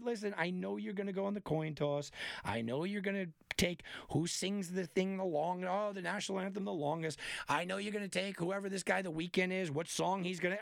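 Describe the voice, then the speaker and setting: A man's voice: high-pitched, vocal fry, no echo, clean studio sound. A man hosting a sports betting podcast, talking casually and telling stories with lots of energy. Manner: animated, chatty, tells anecdotes with many restarts. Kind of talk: casual sports talk monologue.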